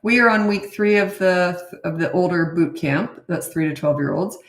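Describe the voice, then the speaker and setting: A middle-aged woman parenting coach with a fairly low voice speaks at normal speed, fielding questions in a casual Q&A. She's blunt and matter-of-fact, with chatty asides, and the recording has a roomy echo.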